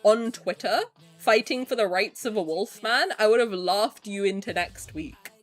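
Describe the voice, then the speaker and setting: A woman in her twenties chats casually on a stream at a moderate pace, soft music playing in the background. She answers chat in an animated way, swears freely, and swings between low mumbles and loud outbursts.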